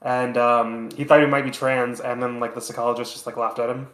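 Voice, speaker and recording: A man's voice: medium pitch, level tone, brisk, fairly bright tone, reverberant, poor audio. A man co-hosting a podcast, talking casually in a rambling way, full of fillers and casual swearing. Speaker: podcast co-host. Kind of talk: casual chat.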